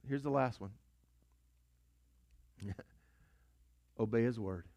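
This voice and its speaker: Here a pastor preaches slowly in a gravelly, slightly mellow mid-range voice. His sermon unfolds as a story, full of repeated phrases, rhetorical questions and call-and-response exchanges.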